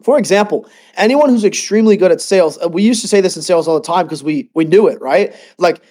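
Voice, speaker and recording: A young man with a high voice coaches his listeners in a motivational monologue. He tells his story at a quick, energetic clip, tripping over restarts and tossing in lots of "like" and "right?". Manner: fast, energetic storytelling with many fillers and restarts. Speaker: business coach.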